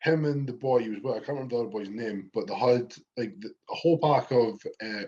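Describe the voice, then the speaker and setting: A Scottish man co-hosts a casual podcast and tells animated backstage stories full of swearing. His voice sits at a middling pitch. The recording sounds a little dull and lo-fi. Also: fast talker. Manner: swears freely, animated storytelling. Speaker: podcast co-host. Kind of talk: casual chat.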